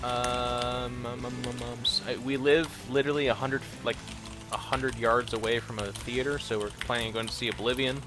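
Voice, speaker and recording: A man co-hosting a casual gaming podcast who chats and tells jokes in a matter-of-fact, deadpan way. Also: medium pitch, normal speed, music in the background. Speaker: co-host.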